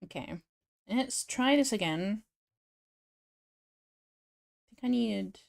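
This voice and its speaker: A woman's voice: mid-range voice, big pitch swings, takes it slowly, gravelly, pauses often, darkish tone. A British woman chatting casually with viewers on her live stream as she works, often laughing. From Britain. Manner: chats with viewers while working, laughs often.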